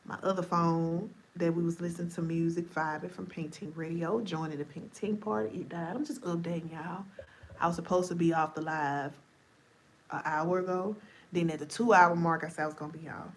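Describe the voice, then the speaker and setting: A sleepy woman live-streamer chats playfully and directly to her viewers, her voice going deep and scratchy. It sits lowish, steady and fairly quick, with a little hiss or hum in the recording.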